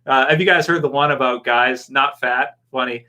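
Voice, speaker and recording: Answering chat comments on his casual stream, a Canadian host rambles and laughs softly as he goes. He speaks at a moderate pace in a medium-pitched voice that sounds pushed and bright.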